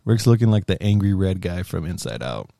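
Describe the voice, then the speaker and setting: A man in casual, profane podcast talk, ranting in an animated way and swearing often. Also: low voice, fairly quick, creaky, no echo, studio quality. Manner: animated, swearing, rising to shouts when worked up. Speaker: podcast co-host.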